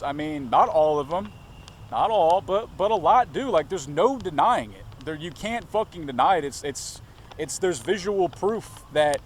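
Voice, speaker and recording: A man vlogging on a city street. He talks casually, curses constantly, rambles and keeps digressing. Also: on the high side. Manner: profane, rambling, digresses often. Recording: faint street noise outdoors.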